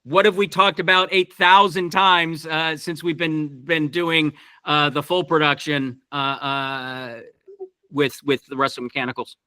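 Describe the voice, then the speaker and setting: A man's voice: on the high side, level tone, a little slow, sharp tone, smooth, no room sound. A man directing actors in a verse workshop over a video call, thinking aloud with many restarts. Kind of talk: teaching talk on Shakespeare verse.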